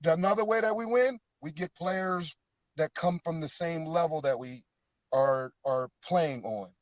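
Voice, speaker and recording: High-voiced man telling football stories. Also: measured pace, dry recording, rough recording. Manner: storytelling, animated when quoting teammates. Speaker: guest, former pro football player. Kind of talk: casual phone interview.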